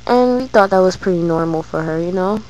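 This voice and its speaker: Woman vlogger telling a personal story, hesitant and halting, lowish voice. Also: darkish tone, poor audio. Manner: slow, hesitant, many fillers and restarts.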